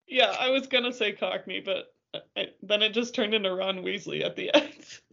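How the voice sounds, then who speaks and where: A woman's voice: mid-range voice, normal speed, vocal fry, sharp tone, highs cut off. A woman co-hosting a podcast in casual chat, wry and teasing, laughing often. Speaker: podcast co-host.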